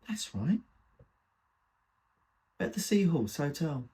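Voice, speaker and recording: A woman's voice: deep voice, sing-song, slow pace, dark tone, breathy edge, voice pushed up, full character voice. A man reading aloud, voicing a chatty, forgetful elderly mother with fussy, prim remarks. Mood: fond.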